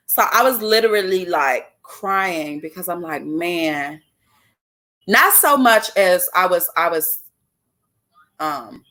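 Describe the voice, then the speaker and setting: Fiery young woman host, low voice. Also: fairly bright tone. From Chicago. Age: 20s. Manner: emphatic, preachy, addresses listeners directly with repeated "okay?". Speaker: podcast host. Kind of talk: casual spoken monologue.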